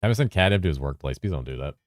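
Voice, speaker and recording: On his game stream, a very deep-voiced man reads out what chat says and answers with offhand swearing, talking quickly to stay on top of the messages. His tone alternates between presenter-style liveliness and a flat, low drawl, captured in a dry, studio-quality recording.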